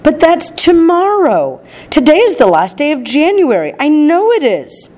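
A woman voicing a practical, caring mother in a storybook reading, sometimes excited and sometimes calming. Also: fairly low pitch, moderate pace, natural voice. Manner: animated, then calming.

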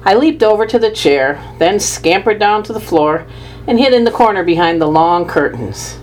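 A woman narrating a children's storybook in the first person, with a measured, lively telling. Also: medium pitch, a little hiss or hum, low-quality recording. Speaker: audiobook narrator.

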